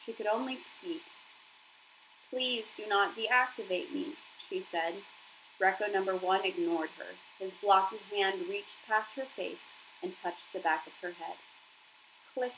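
A woman's voice: mid-range voice, slight background noise, rough recording. Woman reading a children's novel aloud. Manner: expressive storytelling.

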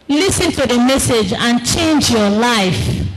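Slow, dramatic woman testifying. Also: fairly high pitch, lively intonation, noisy background. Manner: dramatic, emphatic, repeats phrases, bursts into shouting; non-standard English grammar. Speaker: preacher giving testimony. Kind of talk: emotional religious testimony.

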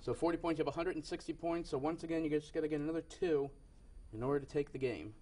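A man's voice: a little high, fairly even intonation, fast talker, darkish tone. A young man hosting a game show in a TV studio, with upbeat patter and frequent self-corrections.

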